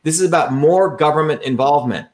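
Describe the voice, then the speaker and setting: A man speaks to his supporters over a livestream in a rallying, combative way. His voice sits somewhat high for a man, and he hammers the same short phrases again and again to drive them home. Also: fast talker, a little mellow. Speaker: political candidate. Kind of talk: livestream campaign talk.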